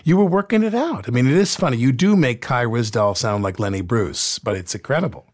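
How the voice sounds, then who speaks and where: A man interviewing a guest in a relaxed, teasing way, also telling stories from his acting work. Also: medium pitch, a little fast. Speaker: interviewer and actor. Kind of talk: casual interview conversation.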